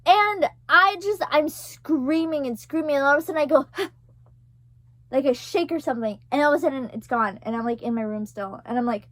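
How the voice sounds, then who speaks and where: A young woman vlogger with a high-sitting voice tells her viewers a story at normal speed, with no room sound in the recording. Her casual storytelling to camera rambles loosely, crammed with "like" and "right?", and she swears now and then.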